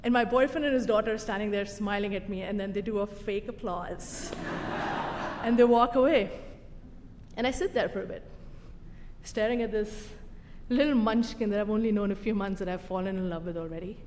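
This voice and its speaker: A young adult woman telling a personal story live on stage, animated and self-mocking, with a conversational tone and pauses for laughs. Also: medium pitch, a little hiss or hum. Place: stage in a venue with a live audience. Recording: reverberant hall, faint room ambience.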